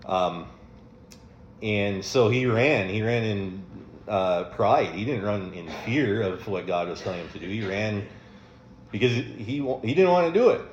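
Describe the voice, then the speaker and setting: Low-voiced male pastor preaching in a roomy hall. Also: expressive, measured pace, muffled recording, slight background noise. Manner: conversational, with frequent ums and chuckles. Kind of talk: sermon.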